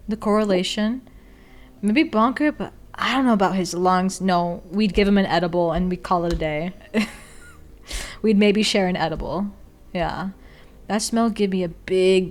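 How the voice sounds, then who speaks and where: A woman's voice: mid-range voice, normal speed. A young woman streamer chatting casually while drawing, blunt and candid, swearing freely and laughing often.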